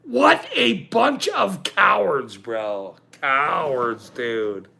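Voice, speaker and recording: A man with a very gravelly, bright edge rants on his livestream. He talks in a slow drawl while his pitch leaps high and drops low, and he swears and laughs through his points as he reacts to the chat. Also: big pitch swings. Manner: profane, laughing, insistent. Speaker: livestream host. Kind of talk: casual livestream rant.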